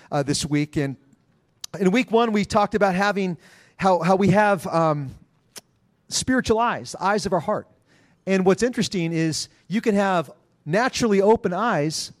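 A man in his pastoral role, preaching a conversational sermon with quick asides in a church sanctuary. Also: a little high.

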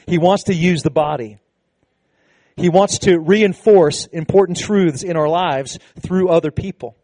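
Man, pastor, sermon, conversational, animated, mellow voice, dry sound. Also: fairly high pitch, measured pace, no echo. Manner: animated, conversational preaching with casual asides. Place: church service with a congregation.

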